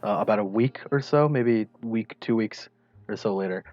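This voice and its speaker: A man's voice: on the low side, normal speed, darkish tone, no room sound, dull audio, soft background music. A man narrating as game master in a tabletop game, hesitant, with many fillers.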